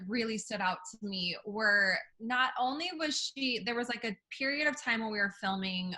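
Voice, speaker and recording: Woman guest, bright tense tone, higher pitch, lively storyteller. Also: moderate pace, few pauses, faint music behind, poor audio. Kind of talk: casual group video chat.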